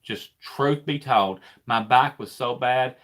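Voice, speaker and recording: Bright-voiced rambling trucker host. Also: male voice, mid-range voice, takes it slowly. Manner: rambling, repeats himself. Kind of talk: casual live chat.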